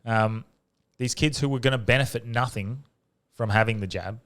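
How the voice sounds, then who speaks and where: An Australian man hosting a podcast, talking casually in a halting way with many fillers and restarts. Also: mid-range voice, a bit bright. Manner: halting, full of fillers and restarts, laughs often. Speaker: podcast host. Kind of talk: casual chat.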